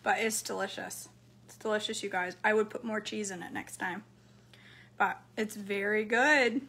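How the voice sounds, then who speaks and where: Bright-voiced woman chatting through a cooking vlog. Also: medium pitch, fairly even intonation, measured pace, breathy edge. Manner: chatty, talks to viewers while eating. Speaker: cooking vlogger. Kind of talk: casual cooking vlog chat.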